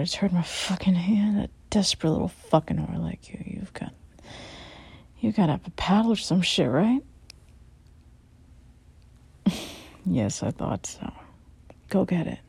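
Gravelly, husky woman in whispered role-play. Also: lowish voice, a little mellow, no room sound. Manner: close, intimate delivery, often sliding into a whisper. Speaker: audio role-play performer.

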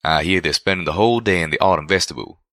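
Guy doing a drawling cowpony, bright folksy voice, dry sound. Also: low-pitched, racing, no echo.

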